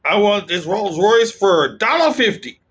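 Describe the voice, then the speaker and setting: A man's voice: high-pitched, expressive, moderate pace, fairly bright tone, breathy edge, dull audio, voice pushed up, full character voice. A man voicing a domineering older male tycoon with a Texan accent, blunt and dismissive. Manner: bossy, dismissive.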